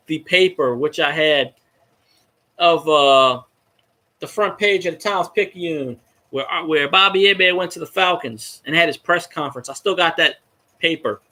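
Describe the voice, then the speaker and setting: A man's voice: on the high side, lively intonation, normal speed, pushed and bright. A man, a fan vlogger rambling and swearing as he chats with viewers on a casual livestream. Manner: rambling, profane, talks to viewers in chat.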